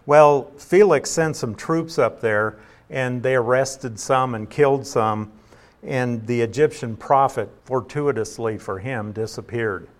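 A man's voice: medium pitch, unhurried. A man teaching through scripture verse by verse, as a pastor at an evening study. He reads each passage aloud, then explains it in an easy, conversational manner with a mid-range voice.

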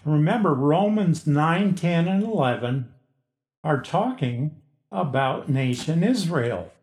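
A man preaching a Bible-teaching sermon, slow and deliberate, stressing key words emphatically. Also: a little high, animated, a little mellow, reverberant. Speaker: pastor. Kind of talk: expository sermon.

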